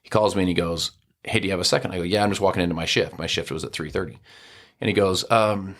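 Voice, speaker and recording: Podcast guest, middle-aged man, deep voice, casual animated storyteller. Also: quick pace. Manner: animated storyteller, acts out quoted dialogue.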